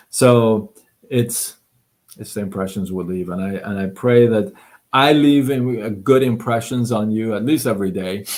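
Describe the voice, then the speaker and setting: A man hosting a live stream, giving a casual motivational talk in a slow, reflective way, with many fillers and restarts. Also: lowish voice. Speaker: livestream host. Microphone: live-stream setup.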